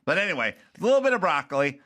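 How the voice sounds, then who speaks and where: This is a man in his sixties hosting a talk podcast, spinning a petty grievance into a full comic rant. His pitch swings widely and his tone is bright and pushy, full of exasperated mock outrage. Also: very animated, rapid-fire. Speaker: podcast host. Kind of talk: comedic ranting chat.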